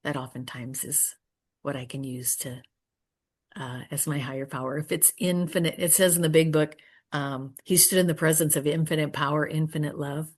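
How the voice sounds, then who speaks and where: A woman speaking at a recovery meeting, earnest and prayerful, often trailing off softly and pausing to search for words. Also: low-pitched, fairly even intonation. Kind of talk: personal share and Q&A answer.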